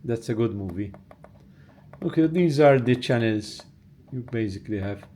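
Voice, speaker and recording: A Maltese-accented man gives a casual vlog tour of a hotel room, talking easily into a handheld camera at a middle pitch. He rambles in a friendly way and pauses on little fillers as he goes. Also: a little hiss or hum. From Malta. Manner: chatty, relaxed, thinks aloud with fillers. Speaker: travel vlogger.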